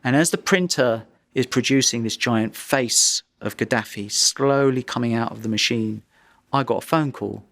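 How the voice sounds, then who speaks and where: A man's voice: mid-range voice, normal speed, a bit bright. A man, a photographer, telling a vivid anecdote in an interview, often restarting his sentences as he goes. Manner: vivid, dramatic storytelling with frequent restarts.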